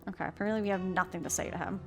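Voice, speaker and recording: A woman's voice: lowish voice, steady tone, rapid-fire, soft background music. A woman streaming a mystery game, chatting playfully with her viewers. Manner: bubbly, chatty, playful asides to chat. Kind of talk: casual live-stream chat.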